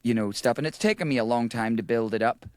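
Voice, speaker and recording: A man, a guest musician, talking in a relaxed, rambling way with frequent restarts over a video call. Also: medium pitch, quick pace, no echo, studio quality. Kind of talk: casual chat.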